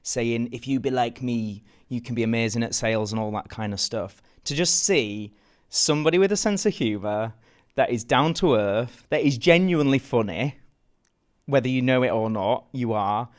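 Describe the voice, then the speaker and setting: A man hosts an interview podcast in an earnest, measured way. He gives his guest warm praise and steers the talk back to her career. His voice sits at a middling pitch for a man. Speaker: podcast host. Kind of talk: casual interview chat.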